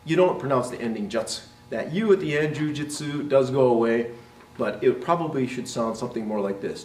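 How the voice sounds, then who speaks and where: A man's voice: medium pitch, a little fast, a little mellow, slight background noise. A man teaching as a martial arts instructor, explaining terms and modeling their pronunciation, often checking with "right?". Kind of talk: instructional talk to camera. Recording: roomy, voice from a distance.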